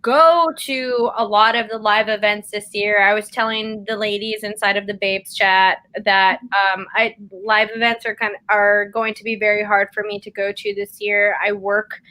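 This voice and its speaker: Bright, enthusiastic woman from Texas. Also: mid-range voice, flat delivery. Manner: enthusiastic and friendly, quick asides. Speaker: podcast co-host. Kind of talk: casual podcast chat.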